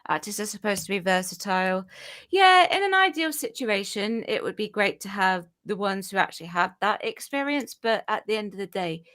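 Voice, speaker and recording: A woman's voice: medium pitch, lively intonation, moderate pace, a bit bright. A woman on a podcast panel, thinking aloud in a hesitant, casual way.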